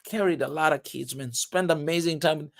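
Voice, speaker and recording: High-voiced man, chatty and emphatic. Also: moderate pace, creaky, fairly bright tone. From Tanzania. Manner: emphatic, keeps saying "man", laughs often. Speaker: vlogger. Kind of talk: casual monologue to viewers.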